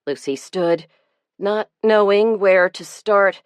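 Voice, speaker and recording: A woman narrating an audiobook in a measured, gentle storytelling manner. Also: medium pitch, clean tone, dry recording, studio quality. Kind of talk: scripted narration.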